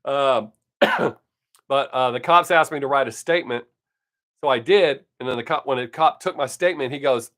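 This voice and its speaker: A man's voice: mid-range voice, moderate pace, a bit bright. An older man, chatting casually on his live stream from home and telling stories bluntly, with plenty of swearing. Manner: profane, blunt storytelling.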